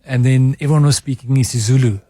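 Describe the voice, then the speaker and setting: A middle-aged advertising executive speaking candidly and emotionally as a radio guest in a studio. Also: male voice, mid-range voice, steady tone, fast, mellow, dry recording. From South Africa. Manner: candid, emotional, self-searching. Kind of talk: reflective interview talk. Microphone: studio mic with headphones.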